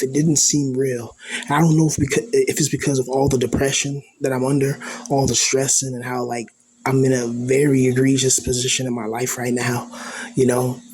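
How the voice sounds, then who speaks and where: A man's voice: mid-range voice, little pitch movement, brisk, a little mellow, breathy edge. A man in an earnest, introspective personal monologue, rambling and leaning on fillers like "you know" and "like".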